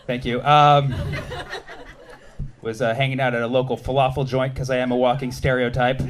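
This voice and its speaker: A man doing a stand-up comedy set on a club stage, quick and sardonic, trading jabs with the audience. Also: mid-range voice, flat delivery, slight background noise. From United States. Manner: quick, sardonic, jumping between bits and audience banter.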